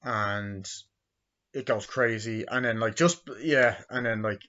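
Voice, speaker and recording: A young man in his twenties giving a rambling, profane movie review, acting out quotes in silly high voices. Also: fairly even intonation, slow, bright, forceful tone, dull audio. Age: 20s.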